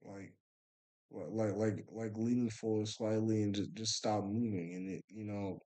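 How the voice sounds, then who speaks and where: A tired young man telling a personal story in a casual, halting way, full of restarts and fillers. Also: fairly low pitch, mellow, low-quality recording. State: tired late at night. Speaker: vlogger.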